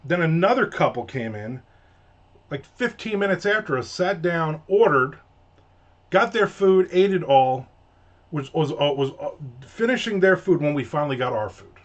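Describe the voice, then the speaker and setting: A man telling a casual, exasperated story with animated voices and free swearing. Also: a little high, moderate pace, muffled recording. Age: adult.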